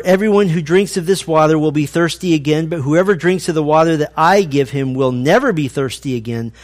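A man preaching from the pulpit. His voice sits a little high for a man. He tells his story with animation, acting out the voices he quotes. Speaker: pastor. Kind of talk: sermon.

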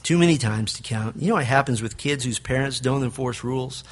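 A man preaching a sermon to fathers, telling stories in an animated way and acting out the people in them. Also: medium pitch, a little fast. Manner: animated storytelling, acts out quoted voices. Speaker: pastor.

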